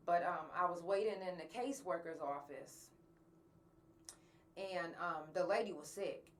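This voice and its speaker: A woman's voice: on the low side, moderate pace, a bit bright, recorded from a distance, slight background noise. A woman hosting a podcast, talking bluntly and angrily to her listeners and swearing often. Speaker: podcast host. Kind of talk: candid monologue to listeners.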